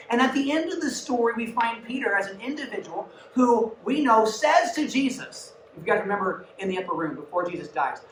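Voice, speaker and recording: A woman's voice: fairly high pitch, a little fast, hardly any pauses, slight background noise. A woman giving a youth sermon in a church, talking casually and with energy, with asides to her listeners. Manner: conversational and animated, with asides to the audience. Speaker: youth pastor. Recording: echoey room, mic at a distance.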